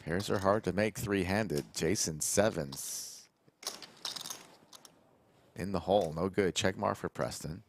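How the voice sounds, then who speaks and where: Deep-voiced joking poker commentator, man. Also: takes it slowly, vocal fry, pauses often, slight background noise. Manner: jokey, banters with live chat. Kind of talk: live poker stream commentary. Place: commentary booth.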